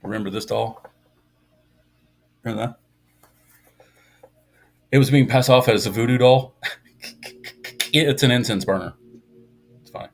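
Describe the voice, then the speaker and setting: A man's voice: mid-range voice, unhurried, gravelly, pauses often. A man chatting casually on a live stream in a rambling, sarcastic and self-mocking way.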